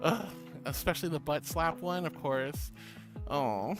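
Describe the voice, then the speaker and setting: A woman's voice: deep voice, lively intonation, measured pace, music in the background. A woman streaming as a VTuber host, chatting casually, reading chat aloud and thanking viewers with affectionate pet names.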